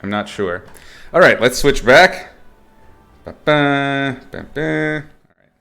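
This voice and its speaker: A man's voice: medium pitch, expressive, slow, creaky, pushed and bright, soft background music. A man teaching art on a livestream in a casual, playful way, joking and swearing as he rambles. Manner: rambling, with fillers and restarts. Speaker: art instructor streaming.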